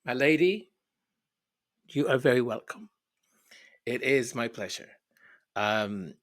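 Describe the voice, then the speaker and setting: A man's voice: medium pitch, a bit bright. A middle-aged man hosting his channel, chatting casually and emotionally as he reads viewer comments, often repeating words and hesitating. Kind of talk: casual chat.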